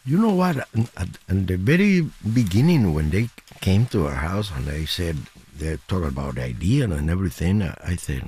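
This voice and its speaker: An older man who grew up speaking tells stories animatedly in a radio interview, often laughing and jumping up into high acted quotes. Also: big pitch swings, normal speed, warm tone, slight background noise. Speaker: interview guest, musician.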